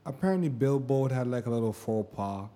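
Mellow-voiced man in animated chat. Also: medium pitch, a little fast. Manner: animated storyteller, acts out quotes. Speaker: podcast co-host. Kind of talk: casual podcast chat.

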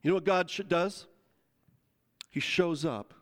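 A man preaching a sermon, telling a story in a lively, conversational way and acting out the quotes. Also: fairly high pitch, a little slow. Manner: animated, conversational, acts out quotes. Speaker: pastor.

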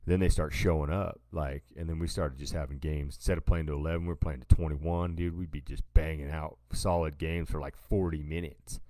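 A man's voice: very deep voice, fairly even intonation, a little fast, few pauses, mellow, no echo, clean studio sound. A man co-hosting a podcast, casually telling a rambling story and calling his listener "dude" a lot. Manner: laid-back, rambling, says "dude" a lot. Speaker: podcast co-host.

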